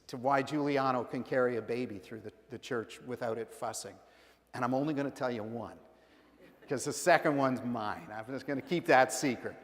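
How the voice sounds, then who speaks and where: Casting: middle-aged pastor, fairly high male voice, chatty sermon in a big echoing church. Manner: conversational preaching with playful quoted voices. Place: large church sanctuary. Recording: long church reverb.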